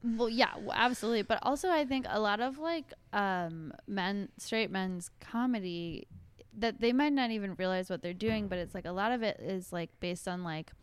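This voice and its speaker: A woman's voice: mid-range voice, moderate pace, smooth, no echo. A woman hosting a podcast in casual chat, blunt and freely swearing. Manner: blunt, profane, animated. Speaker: podcast host.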